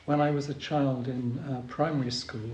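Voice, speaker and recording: A man giving a dharma talk as a Zen teacher, hesitant with many pauses and ums, gently humorous. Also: medium pitch, little pitch movement, slight background noise. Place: retreat meditation hall. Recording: roomy hall with faint ambience.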